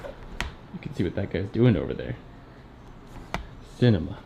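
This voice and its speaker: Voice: deep voice, very animated, unhurried, gravelly, background noise. A livestreamer chatting playfully to viewers while walking through an outdoor rally. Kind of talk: walking livestream talk to chat.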